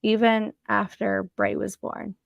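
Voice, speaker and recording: A woman's voice: medium pitch, level tone, a little slow, creaky, dry recording, dull audio. A young woman telling her own story in a casual interview, blunt and swearing freely as she acts out what people said.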